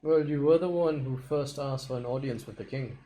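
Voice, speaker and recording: A man's voice: mid-range voice, moderate pace, mellow, a little hiss or hum, rough recording. A male player in a tabletop game, speaking politely and hesitantly, often restarting his words. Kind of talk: tabletop role-play.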